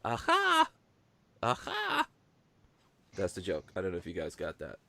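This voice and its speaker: A man's voice: deep voice, flat delivery, quick pace, darkish tone, no room sound. Joking male podcast host, dry sound. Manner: jokey, laughs a lot, reads from the chat. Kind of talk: casual podcast chat.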